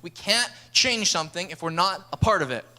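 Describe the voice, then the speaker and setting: A high-pitched, energetic male pastor preaches to his church. He tells stories with lively momentum and slips into voices for the people in them. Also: fairly quick. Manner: energetic, storytelling, acts out dialogue. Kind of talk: sermon. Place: church sanctuary.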